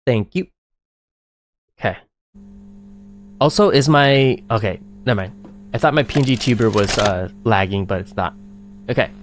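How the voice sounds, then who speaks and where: A man giving live gameplay commentary as a streamer, excitable and panicky, laughing often. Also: fairly low pitch, normal speed, long pauses, a little hiss or hum. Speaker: game streamer.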